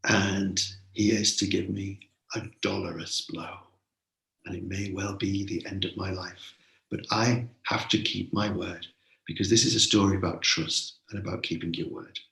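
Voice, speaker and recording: A man's voice: low voice, steady tone, moderate pace, creaky, pushed and bright, echoey room, full character voice, rough recording. A man voicing a weary young knight who talks earnestly about his duty. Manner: earnest and dutiful.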